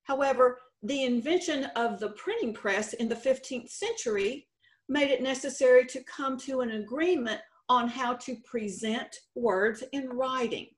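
A woman with a Texan accent giving a conference presentation with slides, explaining slowly and deliberately, stretching out example words. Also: high voice. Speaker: state contest director presenting. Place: conference session room.

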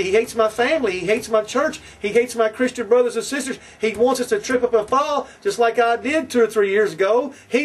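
High-voiced fiery man preaching a sermon. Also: breathy edge. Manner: preachy, repetitive, fiery and confrontational. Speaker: pastor. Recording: distant from the mic.

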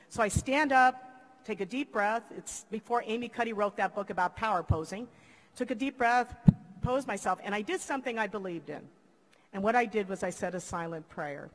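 An older woman from the Philippines giving a commencement speech, telling a lively story and acting out the voices of the people in it. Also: medium pitch, moderate pace. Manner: lively, acts out quoted voices. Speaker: commencement speaker. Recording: long hall reverb.

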